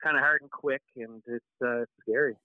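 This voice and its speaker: A man from Nova Scotia in Canada, a podcast guest, talking in halting casual chat with many fillers over a call. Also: mid-range voice, steady tone, dry recording. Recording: tinny phone-line call audio.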